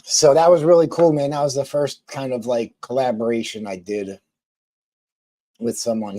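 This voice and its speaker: Philly guy rambling on his live stream, slow, mellow, lots of ums, dry close mic. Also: medium pitch, no room sound. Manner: rambling, many ums and restarts. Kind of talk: casual live-stream chat with viewers.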